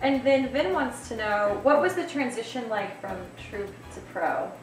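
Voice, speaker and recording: Upbeat higher-voiced woman host, echoey room. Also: animated, normal speed. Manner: reads viewer questions, upbeat and friendly. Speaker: interview host. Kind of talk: casual interview hosting. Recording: echoey room from a distance with faint noise.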